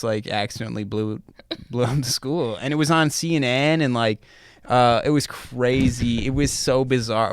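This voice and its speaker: Smooth-voiced young man, easygoing guest. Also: mid-range voice, dry recording, studio quality. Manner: easygoing and open, laughs often. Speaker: guest musician. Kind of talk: casual interview chat.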